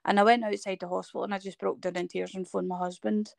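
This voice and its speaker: A woman's voice: medium pitch, fast, gravelly, no echo, studio quality. A Scottish woman in her thirties, telling a personal story in conversation and acting out what people said to her. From Scotland. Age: 30s. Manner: animated storytelling, acting out quoted dialogue. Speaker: guest.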